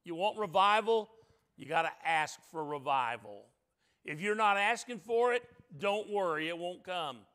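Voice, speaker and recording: High, bright-voiced man preaching a sermon. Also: animated, measured pace. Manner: emphatic, swings between loud declarations and soft asides; folksy, joking asides to the congregation. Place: church sanctuary.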